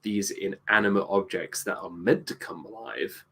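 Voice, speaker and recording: A man co-hosting a movie review show, chatting casually about a film with hesitant pauses and dry asides. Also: deep voice, fairly bright tone, slightly rough. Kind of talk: casual chat, movie commentary.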